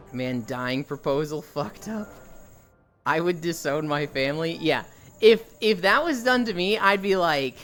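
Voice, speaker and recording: A streamer keeps a steady treadmill walk while spinning animated, loosely told stories for viewers. The pitch leaps around expressively as the stories build, and swearing slips in casually. A little music hums quietly in the background. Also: unhurried. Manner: walking on a treadmill while talking. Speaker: live streamer.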